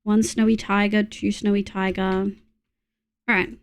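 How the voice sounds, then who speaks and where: A young woman with an Australian accent speaks a little slowly in a smooth, level, medium-pitched voice. She's a streamer chatting casually with viewers mid-game, muttering and swearing when something gets on her nerves.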